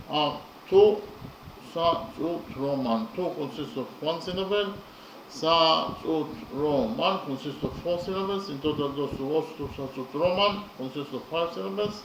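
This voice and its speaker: A man giving a lesson on poetry in a slow, deliberate way, counting syllables aloud, with frequent fillers. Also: on the high side. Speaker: lecturer on poetry. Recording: echoey room with audible background noise.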